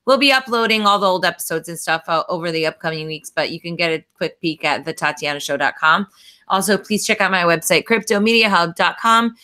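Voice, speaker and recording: A woman's voice: lowish voice, a little fast, sharp tone. A woman hosting a casual chat show, upbeat and chatty, with lots of fillers. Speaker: podcast host.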